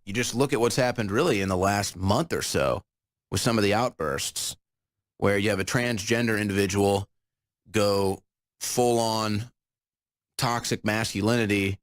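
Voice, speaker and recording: A man's voice: on the low side, moderate pace. A man hosting a commentary show, talking in a sarcastic, mocking way. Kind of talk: opinion commentary monologue.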